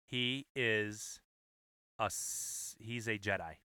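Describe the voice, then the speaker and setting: A man's voice: on the low side, slow, bright, forceful tone, clear, resonant tone, dry recording, clean studio sound. A man co-hosting a podcast in casual chat, often stumbling and repeating words and laughing easily. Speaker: podcast co-host.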